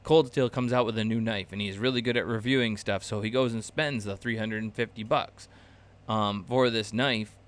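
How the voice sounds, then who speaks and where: A man with a somewhat low, clean and resonant voice talks through a live-stream class for video creators. He rambles loosely, piling on fillers and restarts. He chuckles now and then at his own asides. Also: fairly even intonation, moderate pace. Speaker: channel host teaching a creator class. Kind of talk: casual live-stream teaching.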